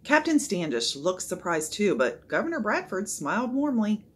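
A woman reading a children's chapter book aloud, expressive and voicing the characters. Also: medium pitch, normal speed, slightly rough. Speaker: storybook reader.

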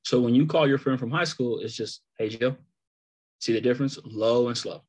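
A man's voice: medium pitch, a little fast, darkish tone, slightly rough. A man in his thirties teaching phone sales, coaching with repeated emphasis and demonstrating lines. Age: 30s. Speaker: sales trainer. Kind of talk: live phone sales training.

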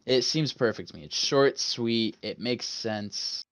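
Casting: young male co-host, bright forceful tone, rowdy banter, dry close sound. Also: mid-range voice, lively intonation, unhurried, no room sound. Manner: joking, loud, swears freely, puts on a radio host voice. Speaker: podcast co-host. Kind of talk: casual chat.

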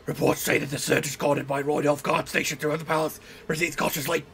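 A man's voice: fairly high pitch, little pitch movement, fast talker, vocal fry, a bit bright, husky, full character voice. A man voicing a confident male war commander with a put-on southern drawl, reading game dialogue aloud. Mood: commanding.

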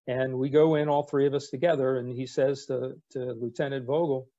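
A man in his sixties, a retired navy captain, telling anecdotes in a wry, relaxed way with casual fillers. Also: medium pitch, normal speed, muffled recording. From United States. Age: 60s. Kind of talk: anecdotal storytelling talk.

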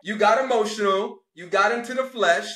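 A man's voice: high voice, moderate pace, a bit bright, echoey room, a little hiss or hum. A man rebuking a caller, taunting and sarcastic in a preachy rant. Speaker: religious video host.

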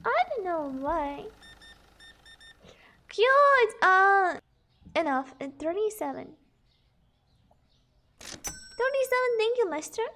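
A young woman with a very high, light voice chats with her stream viewers as she plays. She talks in an unhurried, drawn-out way, bubbly and giggly, greeting people and counting out numbers aloud. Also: big pitch swings, fairly bright tone. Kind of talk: casual live-stream chat while gaming.

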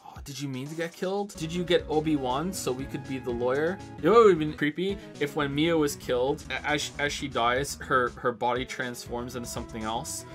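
With faint game music in the background, a male streamer with a fairly high voice provides casual let's-play commentary while he plays. He's excitable and casual, quick with swearing and sarcastic jokes.

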